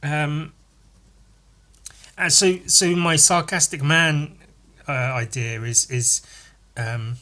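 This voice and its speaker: Solo podcast host, a man with a bright, slightly high voice, rambling and animated. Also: slow, pauses often. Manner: rambling, full of fillers and restarts, animated.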